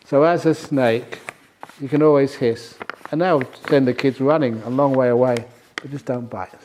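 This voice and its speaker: Playful monk with a mellow voice. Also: male voice, mid-range voice, fairly even intonation, normal speed, a little hiss or hum. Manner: playful, laughs at his own jokes. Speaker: Buddhist monk teaching a retreat. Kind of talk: storytelling Dhamma talk and Q&A.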